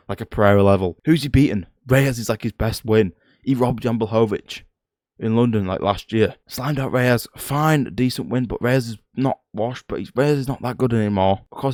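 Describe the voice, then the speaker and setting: A young man giving casual fight predictions on his own vlog, excitable and blunt, swearing freely and firing off rhetorical questions. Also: fairly low pitch, dry recording, clean studio sound. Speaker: MMA prediction YouTuber.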